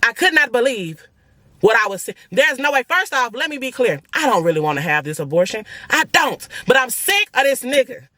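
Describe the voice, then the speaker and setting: A young woman, telling viewers an emotional personal story in a blunt, animated, profane way. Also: on the high side, fairly quick, no room sound, clean studio sound. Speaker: family vlogger.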